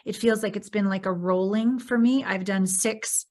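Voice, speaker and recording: Woman podcast host, candid, expressive, mid-range voice. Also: mid-range voice, moderate pace. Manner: expressive, acts out her own reactions in animated bursts. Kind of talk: candid conversational interview.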